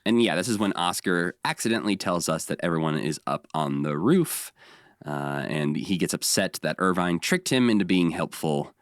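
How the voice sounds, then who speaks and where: Very deep-voiced man co-hosting a podcast. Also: expressive, normal speed, no room sound, studio quality. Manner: easygoing, laughs often. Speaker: podcast co-host. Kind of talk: casual chat recapping episodes.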